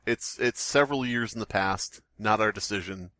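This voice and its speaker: A man co-hosting a horror podcast, joking loudly and laughing often. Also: lowish voice, normal speed, no echo. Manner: loud, laughs a lot, mock-outraged jokes. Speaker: podcast co-host. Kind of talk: casual chat.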